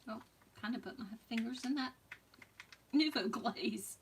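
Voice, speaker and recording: Unhurried woman crafter, chatty with soft asides; distant mic. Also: fairly high pitch, creaky, noisy background. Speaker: crafting demo host. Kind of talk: live crafting demonstration.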